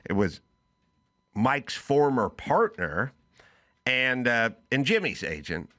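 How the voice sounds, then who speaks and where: A man's voice: mid-range voice, slow pace. A middle-aged man hosting a talk show, telling a casual story and acting out both sides of a phone call. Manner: animated, voices both sides of a phone call in quoted bits. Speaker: podcast host.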